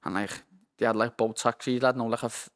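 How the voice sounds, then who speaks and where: Scouse lad talking in a flat monotone. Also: male voice, mid-range voice, fairly quick. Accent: Liverpool. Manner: rambling, sweary, says "lad" constantly. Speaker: guest, professional boxer. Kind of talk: casual interview chat. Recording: long hall reverb.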